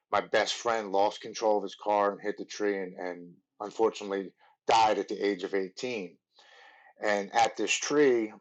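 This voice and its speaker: A man in his forties, a podcast guest, telling his recovery story in an earnest, halting way with many restarts. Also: on the low side, poor audio. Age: 40s.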